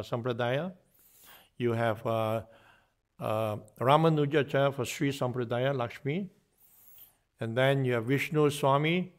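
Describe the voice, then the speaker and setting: Man telling devotional stories in a class. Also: mid-range voice. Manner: narrates with acted-out dialogue, frequent fillers and restarts. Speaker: guest speaker giving a morning class. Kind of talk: devotional storytelling lecture.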